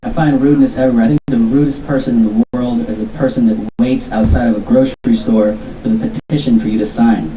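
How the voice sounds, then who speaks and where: Stand-up comedian in a roomy venue. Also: male voice, medium pitch, fairly even intonation, fast, hardly any pauses, mellow. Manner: profane, acts out other voices. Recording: roomy, distant, noisy live venue.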